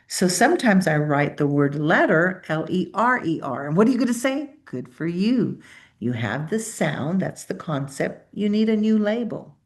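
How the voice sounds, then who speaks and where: Low-voiced woman presenting, demonstrating sounds. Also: darkish tone. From Spanish-speaking. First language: Spanish. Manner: demonstrates speech sounds aloud, coaxing. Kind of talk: conference presentation.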